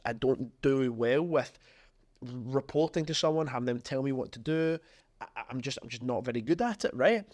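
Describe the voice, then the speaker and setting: A man's voice: mid-range voice, darkish tone, no room sound. Frank man, dry close sound. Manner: emphatic, frank, conversational. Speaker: podcast host. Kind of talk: motivational business talk.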